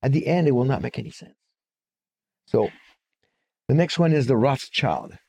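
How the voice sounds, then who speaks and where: A man's voice: medium pitch, normal speed, gravelly, mellow, breathy edge. A man giving a live talk with slides at a fixed microphone, speaking conversationally with frequent fillers, restarts and digressions.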